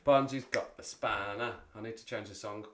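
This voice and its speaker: Male streamer, middle-aged, lower voice, rambling and playful. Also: fairly even intonation, fairly quick, fairly bright tone, slight background noise. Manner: jokey, rambling, repeats himself. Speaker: live streamer. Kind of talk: casual chat.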